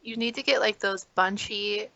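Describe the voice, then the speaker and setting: A young woman co-hosts a relaxed sports chat, needling her partner with dry, teasing remarks. Her tone is bright with a touch of gravelly fry, recorded close and dry. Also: mid-range voice, moderate pace, dry recording, dull audio. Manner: wry, teasing. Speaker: podcast co-host.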